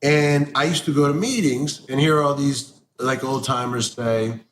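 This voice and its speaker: A man's voice: mid-range voice, measured pace, few pauses. Blunt, swearing man in an echoey room. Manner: blunt, swears freely, mocks people in a sharp voice. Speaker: interview guest. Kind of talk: candid interview talk. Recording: echoey room with faint noise.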